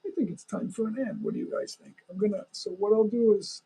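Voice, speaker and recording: A man's voice: sits high, expressive, quick pace, vocal fry, dark tone, slightly rough, poor audio. A man chatting casually on a live stream, rambling and talking straight to his viewers. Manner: rambling, talks to viewers, chuckles often.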